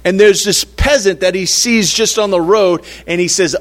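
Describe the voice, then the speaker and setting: A man's voice: sits high, normal speed. A man preaching a sermon in a conversational, playful way, acting out little quotes to make his point. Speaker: pastor.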